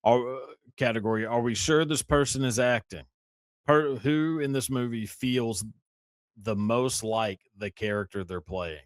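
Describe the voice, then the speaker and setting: A man hosting a casual movie podcast, who reads out the categories and agrees with his guest a lot in a relaxed way. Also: mid-range voice, measured pace, no room sound, studio quality. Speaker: podcast host.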